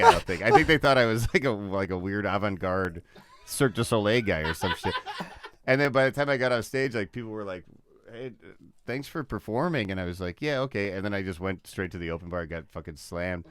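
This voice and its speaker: Low-voiced man telling a stand-up story. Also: a little fast, crowd noise. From Chicago area. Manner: laughs often, swears freely, acts out other people's lines. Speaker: stand-up comedian guest. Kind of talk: casual podcast storytelling.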